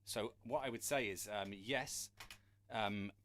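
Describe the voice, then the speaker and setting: Male drum tutor on a live stream, friendly and chatty, lowish voice, some distance from the mic. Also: slow pace, a bit bright, slight background noise. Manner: chatty, encouraging, asks viewers for questions. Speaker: drum teacher. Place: room with a drum kit. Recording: drums and counting heard behind.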